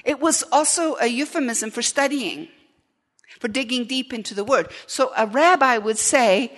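A woman's voice: high voice, moderate pace, a bit bright. A woman preaching a conversational sermon, joking and asking the congregation questions. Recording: long reverb of a large hall.

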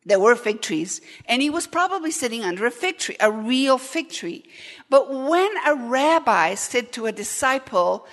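A woman preaching a conversational sermon, joking and asking the congregation questions. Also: on the high side. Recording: long reverb of a large hall.

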